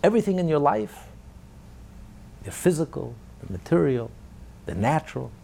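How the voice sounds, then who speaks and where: A man giving a Torah lecture as a rabbi, emphatic, moving between loud declarations and quiet asides, with Hebrew terms throughout. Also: on the high side, very animated, normal speed, creaky, slight background noise.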